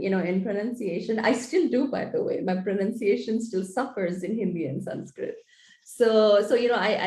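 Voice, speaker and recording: A woman's voice: mid-range voice, darkish tone. A woman author being interviewed, explaining things in an earnest, thoughtful way. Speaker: author guest. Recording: echoey room.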